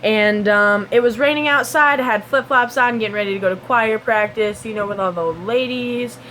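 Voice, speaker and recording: A woman talks straight into her camera, telling a story in a loose, rambling way full of "like" and "um". Her voice sits fairly high, and a faint hiss runs under the camera-mic sound. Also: moderate pace, a bit bright. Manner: chatty and rambling, with many fillers and sound effects. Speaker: vlogger.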